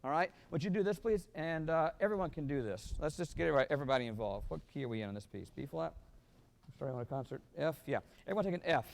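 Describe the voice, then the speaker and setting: Brisk male band clinician, a little high, raspy edge, scats rhythms and counts off the players in a reverberant hall. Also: animated. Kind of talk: rehearsing a wind band.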